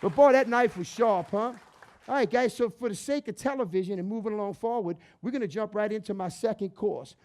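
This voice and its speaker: A cooking-show chef from Louisiana's New Orleans area leads an upbeat, talkative demonstration, referring to his audience as "guys" and "baby". His voice is high-pitched and a little mellow, and he speaks fairly quickly.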